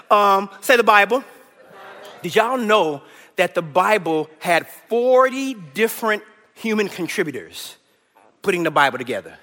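A man with a bright, forceful voice that sits high teaches a Bible class in a church hall, the recording echoing around him. He preaches eagerly, coaxing the room to answer him out loud.

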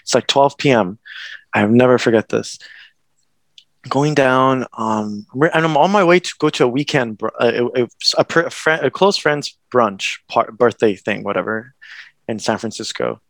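A man's voice: mid-range voice, normal speed, dry recording. A young man, probably in his twenties, telling a personal story in casual conversation, rambling with restarts and nervous laughs. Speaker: guest.

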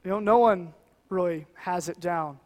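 A man with a fairly high voice gives an earnest, conversational sermon in a church, often dropping "you know" as he talks. His voice carries a long reverb from the hall around him. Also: moderate pace. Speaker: guest preacher.

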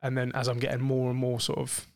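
A man's voice: medium pitch, monotone, fast talker, darkish tone, dry recording, studio quality. A man, co-hosting a podcast, talking frankly and explicitly about sex in a rambling way with many fillers. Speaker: podcast co-host.

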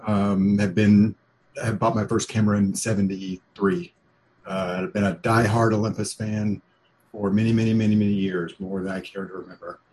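A man's voice: lowish voice, little pitch movement, moderate pace, darkish tone. An older man from New Jersey, a guest chatting easily on a podcast. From New Jersey, United States. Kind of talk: casual podcast chat.

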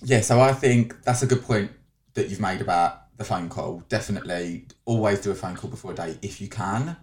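A man co-hosting a podcast, talking frankly and quickly. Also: on the low side. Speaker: podcast co-host. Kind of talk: casual chat.

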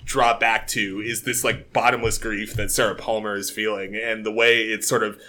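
A man's voice: fairly low pitch, moderate pace. Laughing man in casual chat. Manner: animated, laughs often, acts out scenes. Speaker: podcast co-host. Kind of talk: casual chat about a TV show.

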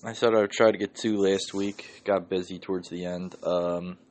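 A man's voice: sits low, fairly even intonation, normal speed, darkish tone. Swearing Philly man ranting on a podcast. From Northeast Philadelphia. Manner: profane, ranting, heavy swearing. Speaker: podcast host. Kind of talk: solo podcast rant.

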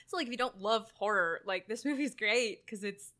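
A woman co-hosting a casual movie podcast, retelling scenes with lively acted-out quotes and bursts of laughter. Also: medium pitch, moderate pace. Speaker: podcast co-host.

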